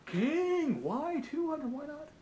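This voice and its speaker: A man plays a sly magic lamp from a told fable, stretching each word slowly as it tempts with more. The delivery is smooth and coaxing, like a spoken storybook. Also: very high voice, very animated, a little mellow, pitched above the performer's own voice, heavily acted. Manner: slow, drawn-out, coaxing.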